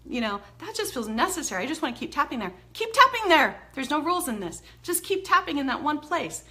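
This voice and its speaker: Bright, chatty woman teaching tapping. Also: sits high, quick pace. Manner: chatty and expressive, laughs often, acts out venting. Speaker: emotional healing teacher. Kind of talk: instructional talk demonstrating tapping.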